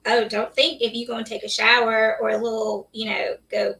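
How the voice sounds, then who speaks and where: Nurse guest, woman, bright and slightly high voice, candid and laughing, heard a little off the mic. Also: level tone, moderate pace, creaky, distant mic, low-quality recording. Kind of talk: casual interview chat.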